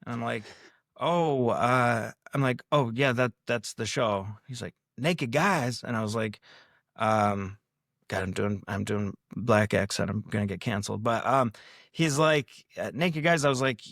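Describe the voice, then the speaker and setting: A man's voice: fairly low pitch, unhurried, vocal fry, fairly bright tone, no room sound, studio quality. A man guesting on a podcast, telling a story casually in a rambling, self-deprecating way and acting out what he and others said. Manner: rambling, self-deprecating, acts out quoted lines. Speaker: podcast guest, prank video creator.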